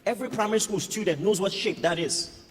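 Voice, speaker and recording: A man preaching a sermon as a pastor, animated and humorous. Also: high-pitched, fast, husky. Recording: reverberant hall with music behind.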